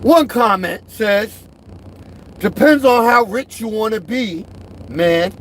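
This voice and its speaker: A middle-aged man talking straight to camera about himself, emphatic and repetitive, swinging from loud to soft. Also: sits high, slow, slight background noise. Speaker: truck driver vlogger. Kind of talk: direct-to-camera rant.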